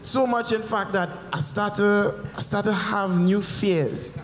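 A man performing a stand-up comedy set, telling animated stories and putting on character voices. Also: high-pitched, measured pace, slight background noise. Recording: echoey hall, live performance.

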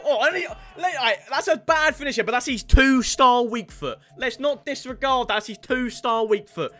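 A man giving excited video game football commentary, pleading with his players, screaming at goals and then apologizing for the noise. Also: very high-pitched, normal speed, faint music behind. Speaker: gaming YouTuber.

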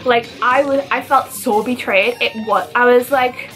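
High-voiced gushing young woman vlogger. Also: unhurried, faint music behind. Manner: gushing, animated fangirl talk with gasps and mock outrage. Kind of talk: casual chatty countdown vlog.

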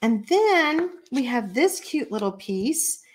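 A woman's voice: on the high side, big pitch swings, slow pace, a little hiss or hum. Chatty Texan woman teaching crafts. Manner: chatty, folksy, laughs often, reads viewer comments aloud. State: allergies, watery eyes. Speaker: card-making instructor hosting a live stream. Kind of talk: live stream craft tutorial.

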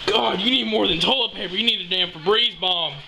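A man's voice: sits high, brisk, gravelly, background noise. A man hosting his vlog, casual, teasing and crude, joking with his family. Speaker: vlogger host.

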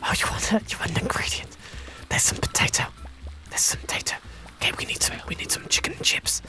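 A man's voice: quick pace, pushed and bright, soft background music. A young man co-hosting a gaming video, whispering playful ASMR-style chat and repeating soothing phrases in jest. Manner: playful, repetitive, mock-soothing.

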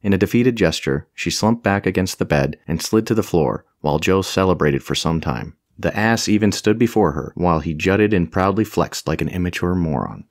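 Deep-voiced man narrating an audiobook. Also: expressive, normal speed, hardly any pauses, dry recording, clean studio sound. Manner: wry, comic storytelling delivery.

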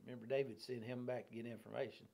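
A man's voice: medium pitch, little pitch movement, very fast, gravelly, darkish tone. A middle-aged man leading a casual verse-by-verse Bible study, folksy and chuckling, often putting questions to his listeners.

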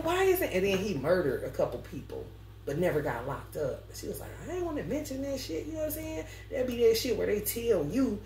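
A woman tarot reader telling stories to her viewers in a casual, profane way, laughing often as she talks. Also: medium pitch. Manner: animated, laughs often, heavy swearing. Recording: roomy echo, mic at a distance, faint background noise.

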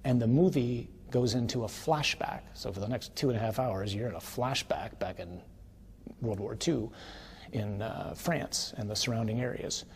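A man, a priest, giving a teaching talk on worship in a conversational way, tossing in tag questions and building to forceful, emphatic declarations. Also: mid-range voice, normal speed, a little hiss or hum.

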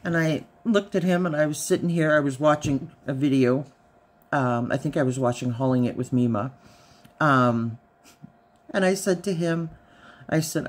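Husky-voiced, low-pitched woman. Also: normal speed. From Canada. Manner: chatty and dry, with a lot of "I said". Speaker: haul vlogger. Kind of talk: casual storytelling.

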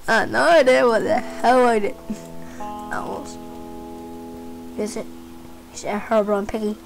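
A woman's voice: a little high, fairly even intonation, a little slow, creaky, long pauses, over music, rough recording. A woman rambling her way through casual gameplay commentary, chatty with giggly asides. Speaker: game player.

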